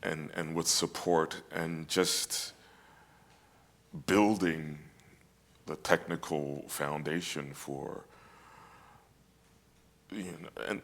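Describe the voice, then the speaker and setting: Very deep-voiced man, reflective and halting. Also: fairly even intonation, a bit bright. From United States. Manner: reflective, halting with many restarts. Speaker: opera singer, guest. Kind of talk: casual conversation.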